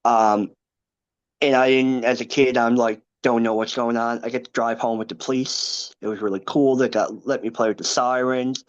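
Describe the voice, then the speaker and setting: A man in his thirties, a podcast guest, recounting a personal story in an earnest, halting way with many asides. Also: medium pitch, steady tone, highs cut off. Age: 30s.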